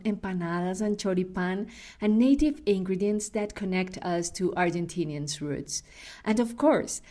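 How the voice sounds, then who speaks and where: A woman hosting a food podcast, telling stories in a chatty, unhurried way, sometimes laughing and correcting herself. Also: on the low side, mellow. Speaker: podcast host. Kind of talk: casual food podcast with storytelling.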